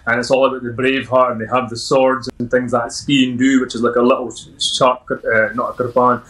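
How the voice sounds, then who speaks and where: A man's voice: mid-range voice, little pitch movement, fairly quick, fairly bright tone, rough recording. Upbeat Scottish man telling stories. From Scotland. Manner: upbeat, anecdotal, laughs often. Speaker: podcast guest. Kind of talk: casual interview storytelling.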